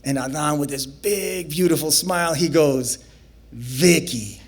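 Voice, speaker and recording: A man telling a comic story live on a festival stage, animated and acting out the scenes. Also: a little high, moderate pace.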